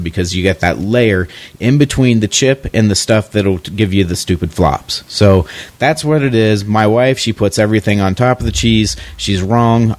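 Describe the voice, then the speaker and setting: A man with a fairly low voice leaves a casual, joking call-in message. He is full of fillers and mock-firm opinions. The sound is very dry and close. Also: no room sound. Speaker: podcast caller.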